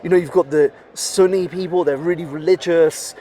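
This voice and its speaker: A man's voice: a little high, steady tone, moderate pace, warm tone, slight background noise. A man talking as a podcast guest in casual conversation, rambling with many fillers and swearing bluntly. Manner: rambling, heavy with "you know" and "like" fillers.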